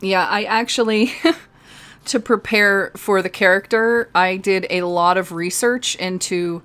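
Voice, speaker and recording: A woman's voice: mid-range voice, fairly even intonation, a little slow, a bit bright, clear, resonant tone. A woman streaming a game live, chatting casually and rambling, laughing often. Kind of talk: casual chat over gameplay.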